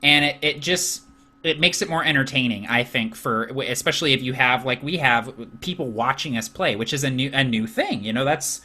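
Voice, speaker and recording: A man in a casual gamer chat, self-deprecating and quick to laugh. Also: mid-range voice, pushed and bright. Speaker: game master of his own show.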